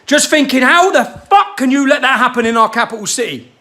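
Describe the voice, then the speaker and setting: A man rants straight to camera in a furious, confrontational voice. His pitch sits very high, and his tone is tense and sharp. He shouts, swears freely and keeps hitting his targets with rhetorical questions. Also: lively intonation, fairly quick. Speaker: political commentator. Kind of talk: angry rant to camera.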